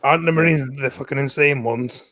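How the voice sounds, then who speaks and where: A man's voice: medium pitch, a little fast, bright, forceful tone, dry recording, clean studio sound. A man in casual group chat, hesitant and stammering.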